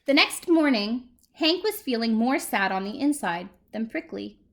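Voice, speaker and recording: A woman's voice: on the high side, normal speed, gravelly. A woman librarian reading a picture book aloud to preschool children, asking them questions as she goes. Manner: animated, talks to small children.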